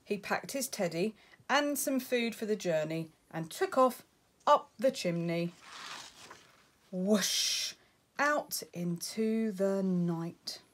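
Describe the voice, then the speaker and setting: A woman reads a children's picture book aloud, taking her time over each line. Her voice rises and falls with plenty of expression, gentle and unhurried. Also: medium pitch. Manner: slow, expressive and lilting. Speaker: storybook reader.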